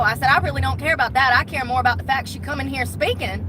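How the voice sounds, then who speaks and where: A woman's voice: fairly high pitch, brisk, noisy background. A woman who works as a bartender, venting bluntly with lots of swearing in a casual vlog.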